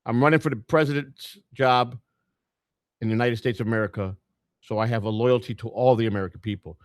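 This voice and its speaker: A man's voice: medium pitch, fairly even intonation, a little fast, no room sound, clean studio sound. A middle-aged man from Chicago, a presidential candidate and podcaster, telling his story in a blunt, plain-spoken way and repeating words as he goes. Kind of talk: casual storytelling monologue.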